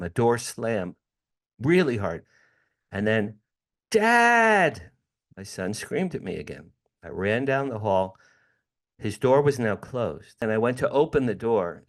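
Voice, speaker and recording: A middle-aged man, a guest in an interview, telling a personal story with animated, dramatic delivery. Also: fairly low pitch.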